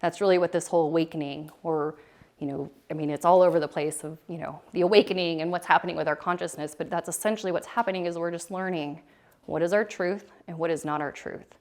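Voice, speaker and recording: Gravelly low-voiced woman presenter. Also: fairly even intonation, quick pace. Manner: loose, rambling delivery with many fillers and restarts. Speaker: retreat presenter. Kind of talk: casual talk to a small group. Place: retreat room.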